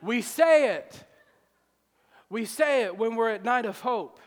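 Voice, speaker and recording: A male pastor preaching a fervent sermon, moving between soft confiding passages and loud shouted appeals. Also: very high voice, lively intonation, slow, in a large hall, slight background noise. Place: church sanctuary with long reverb.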